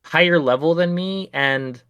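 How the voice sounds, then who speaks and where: A man's voice: a little high, measured pace, bright, forceful tone, smooth, no echo, muffled recording. A man co-hosting a podcast, chatting casually about games in a rambling, filler-heavy, easygoing way. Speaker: podcast co-host. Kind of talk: casual game review chat.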